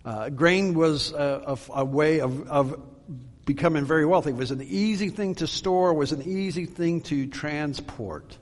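A man preaching a Bible-teaching sermon, earnest and emphatic, slowing down for scripture readings. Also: fairly high pitch, big-room sound. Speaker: pastor.

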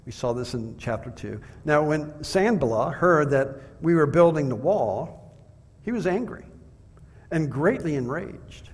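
In a large hall full of reverb, a male preacher poses measured rhetorical questions during his sermon, his fairly high voice slightly rough.

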